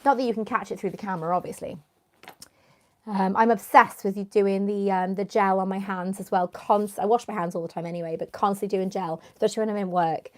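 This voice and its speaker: A woman's voice: mid-range voice, steady tone, a little fast, darkish tone. A young woman, chatting casually on a live stream, rambling and answering viewers by name, with a runny nose. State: runny nose, clearing her throat. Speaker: YouTuber hosting a live stream.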